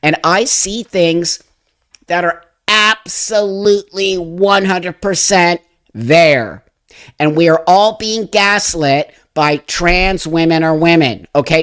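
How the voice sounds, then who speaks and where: A man's voice: high voice, slow, fairly bright tone, smooth. Blunt man with a froggy voice. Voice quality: froggy, slightly helium-like voice. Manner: blunt, emphatic, frank. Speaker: livestream host. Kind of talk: casual livestream chat, answering viewer comments. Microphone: phone.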